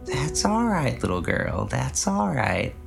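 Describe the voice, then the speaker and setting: A man's voice: mid-range voice, very animated, slow pace, creaky, faint music behind, voice pushed up, heavily acted. A man voicing a tearful old farm woman who pleads in a shaky, quavering voice. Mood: pleading. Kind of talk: audiobook reading.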